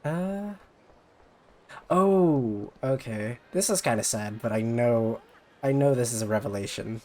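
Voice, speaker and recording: A man's voice: medium pitch, measured pace, dark tone. A man giving casual let's play commentary with wry asides. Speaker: game player.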